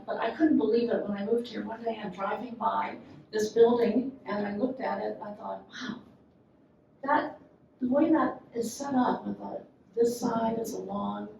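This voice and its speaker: An older woman with a Southern accent and a gravelly edge, heard from some distance in a very echoey hall. She talks chattily with plenty of ums, then settles into an even, measured reading of her memoir. A faint room hum sits underneath. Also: mid-range voice, muffled recording. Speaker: author and librarian. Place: event room at a literary festival.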